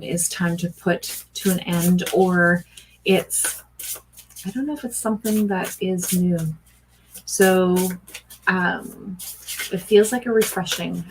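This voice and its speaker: A middle-aged woman speaks on a live stream, pulling oracle cards for viewers and greeting each one by name. Her talk is chatty and easygoing, with bursts of gushing excitement. A faint hiss of noise sits under her voice. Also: on the low side. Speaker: oracle card reader. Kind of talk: live-stream card reading.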